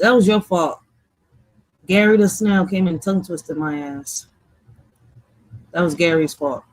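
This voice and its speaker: A woman hosting a casual livestream. She swears freely, laughs often and talks straight to her chat in an animated way. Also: medium pitch. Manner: animated, laughing, profane, addresses the chat directly. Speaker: livestream host.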